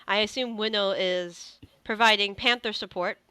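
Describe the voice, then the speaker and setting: A woman's voice: medium pitch, moderate pace, sharp tone, clean tone, no echo. A woman narrating a tabletop game as game master, rambling with many fillers and restarts.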